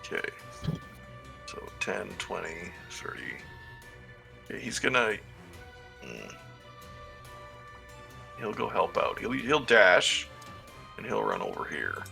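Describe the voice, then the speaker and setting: A man's voice: lowish voice, huge pitch swings, slow, gravelly, pauses often, bright, forceful tone, faint music behind. A man playing a tabletop game, thinking aloud and hesitating as he plans his moves. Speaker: player. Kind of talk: casual tabletop game play.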